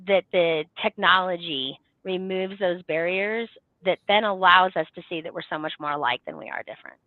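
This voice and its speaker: A woman's voice: fairly low pitch, moderate pace, dry recording. A woman who organizes a festival, answering interview questions earnestly, with filler words and phrases that trail off. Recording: tinny dry phone line.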